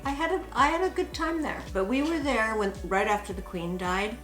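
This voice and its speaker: A woman's voice: a little high, fairly quick, fairly bright tone. A woman co-hosting a casual chat with her daughter. She gives dry, blunt opinions. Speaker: co-host, the host's mother. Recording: echoey room with faint music.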